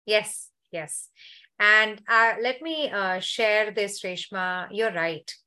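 A woman healer speaks on a video call, her voice sitting at an ordinary middle pitch. She moves between easy conversation and a soft, slow guided meditation, leaning on gentle repetition. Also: clean tone. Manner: soft, slow, soothing when guiding. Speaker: healer hosting a summit call.

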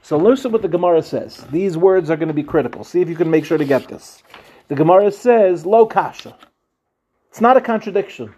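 A male rabbi teaching a Talmud class. He asks questions and answers them himself, translates each quote, and slows right down on the Aramaic phrases. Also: sits high, mellow, lo-fi sound. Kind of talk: Talmud lecture.

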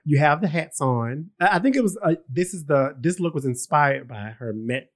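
A man's voice: a little high, animated, moderate pace. A man co-hosting a casual chat, teasing and giggling often. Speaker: podcast co-host. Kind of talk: casual banter.

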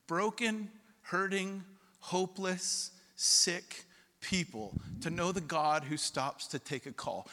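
A man's voice: sits high, takes it slowly, sharp tone. A middle-aged man preaching a sermon, telling a personal story and then building to emphatic repeated points. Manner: storytelling, rising to emphatic repetition. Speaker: pastor. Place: church hall. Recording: long hall reverb.

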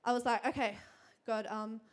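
A young woman with a slightly high voice and fairly even intonation preaches to a congregation, chatty and fast, with lots of fillers and frequent bursts of laughter. Her sermon weaves a personal story into teaching, shifting easily between the two.

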